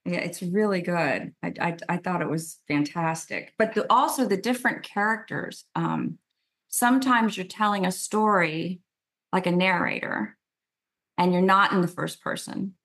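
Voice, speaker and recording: A woman's voice: on the low side, normal speed, fairly bright tone. A woman from the American South hosting an interview, effusive and repeating her praise. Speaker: talk show host. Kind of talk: casual interview chat.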